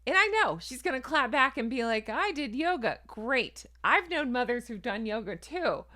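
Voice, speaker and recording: A woman's voice: on the high side, very animated, moderate pace, bright, forceful tone. A woman hosting an opinionated celebrity commentary, sarcastic and incredulous, hedging her claims with asides. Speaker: commentary host.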